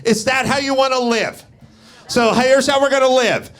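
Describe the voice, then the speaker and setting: A man's voice: very high-pitched, steady tone, normal speed, a bit bright, clear, resonant tone. A middle-aged man hosting a live comedy show, ranting sarcastically and swearing on a club stage. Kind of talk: live stand-up rant. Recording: live club recording, crowd faint.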